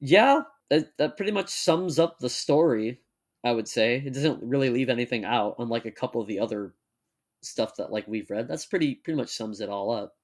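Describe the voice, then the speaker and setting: A young man co-hosting a casual chat, joking and laughing often, and reading text aloud at a measured pace. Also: medium pitch. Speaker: podcast co-host.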